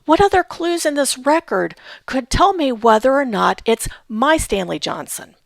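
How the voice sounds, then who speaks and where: A woman's voice: high voice, sing-song, normal speed, creaky, dry recording, studio quality. A woman giving a patient instructional talk on family history research, spelling out names letter by letter. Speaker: genealogy instructor.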